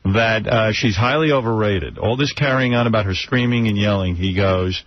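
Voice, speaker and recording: A man hosting a radio show, asking a guest blunt, probing questions in a halting way. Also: lowish voice, slight background noise. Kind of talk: casual radio interview. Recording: muffled radio broadcast.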